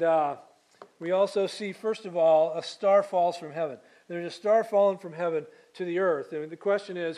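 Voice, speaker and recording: A pastor preaching, a man's voice a little higher than most. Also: a little mellow, low-quality recording. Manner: reads scripture aloud, then explains it with asides and slips. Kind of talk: sermon.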